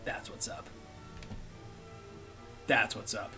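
Hosting a live stream, a man chats casually and rambles, laughing often and slipping into murmurs and whispers. He speaks slowly with a sharp tone, and faint music plays in the background.

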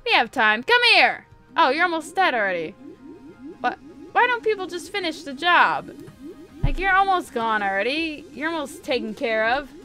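Bright high-voiced playful woman gamer. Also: very animated, normal speed, soft background music. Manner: playful, chatty, talks to viewers and repeats herself. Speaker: gaming video host. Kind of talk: casual let's-play commentary.

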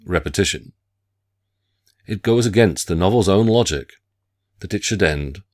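Deep-voiced man reading a formal lecture. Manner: measured, formal academic reading. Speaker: literature lecturer. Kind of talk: scripted lecture narration.

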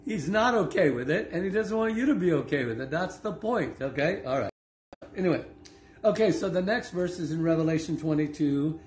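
A male preacher gives a casual online Bible teaching, talking conversationally with lots of asides and laughter and slowing down to read scripture aloud. His fairly high, expressive voice sounds reverberant, with a little hiss or hum.

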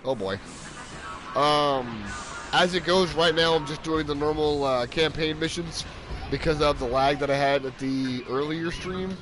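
A man streaming live gameplay commentary into a headset mic, often yelling in frustration and laughing. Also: on the high side, unhurried, poor audio. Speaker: game streamer.

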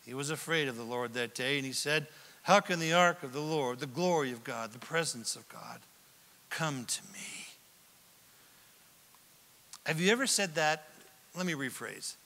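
A male pastor preaches in a church sanctuary, his voice high and bright as the sound rings through a long hall reverb. He reads scripture slowly, puts questions to the congregation, and drops from near-shouts to hushed whispers for drama. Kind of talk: sermon.

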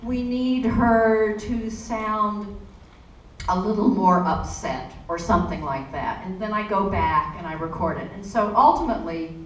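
A woman voice actor fields questions on a convention panel, chatty and warm, telling stories with lots of asides and frequent "you know". Her mid-range voice is unhurried. She's recorded from far off in an echoey convention hall, with faint noise.

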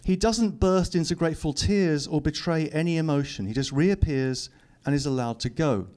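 A man's voice: on the high side, moderate pace, a little mellow. A middle-aged man, reading his own book aloud to an audience and adding dry, teasing asides. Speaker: author giving a public reading. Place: lecture hall.

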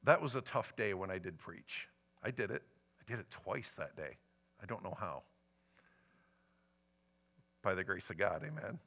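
A middle-aged man, a pastor, preaching a sermon and telling a personal story with lively emotional swings. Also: low-pitched, normal speed, creaky, long pauses. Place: church sanctuary.

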